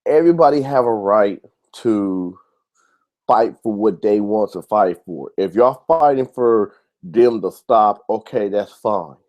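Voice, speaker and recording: Man, show host, angry rant, swears a lot, repeats himself, warm dark tone. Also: on the low side, animated, a little slow. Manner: heated, profane, repetitive. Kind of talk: ranting monologue to camera.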